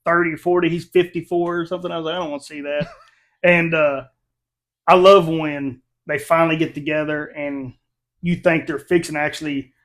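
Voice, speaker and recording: A middle-aged man hosts a relaxed review chat with a friend. His voice sits a little high, and he is animated and quick to laugh as he recounts scenes. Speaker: reviewer, channel host. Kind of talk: casual chat.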